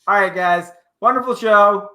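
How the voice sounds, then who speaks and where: A man's voice: high-pitched, normal speed. A man hosting a casual podcast, telling a profane story and acting out the lines of the people in it. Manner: animated, profane storytelling with acted-out quotes. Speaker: podcast host. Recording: echoey room.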